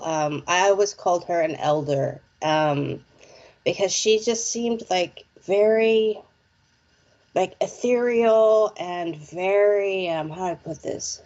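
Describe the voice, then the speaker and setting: A woman psychic reader talks to her live-stream viewers in a loose, chatty way, full of fillers and little check-ins. She speaks slowly, and the audio has a dull, muffled lo-fi quality. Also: medium pitch, a little mellow. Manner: chatty, lots of fillers like "okay?" and "like". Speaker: psychic reader and show presenter.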